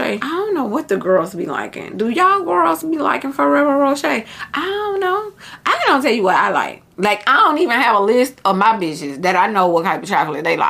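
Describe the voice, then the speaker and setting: A young woman talking to her viewers in a casual vlog, blunt, profane and animated. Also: medium pitch, creaky, a little hiss or hum. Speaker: vlogger.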